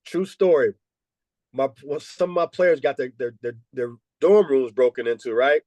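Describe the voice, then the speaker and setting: A man in his fifties, a former college basketball head coach, telling lively stories and peppering them with "man" and "you know". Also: medium pitch, normal speed, no room sound. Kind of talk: storytelling interview answers.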